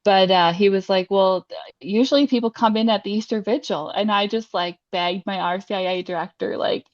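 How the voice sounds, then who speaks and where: A woman's voice: medium pitch, a little fast, no room sound. A young adult woman sharing her faith testimony in a casual interview, chatty and heartfelt, with lots of fillers. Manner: emotional, heartfelt. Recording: dry, slightly dull sound.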